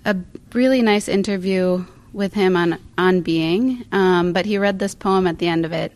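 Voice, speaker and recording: A woman's voice: on the low side, normal speed, a little mellow. A woman in a meditation group, hesitantly sharing with fillers and apologies, speaking into a handheld mic held a little too far away. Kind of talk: casual sharing in a group discussion. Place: meditation center room with group. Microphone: handheld mic held away from her.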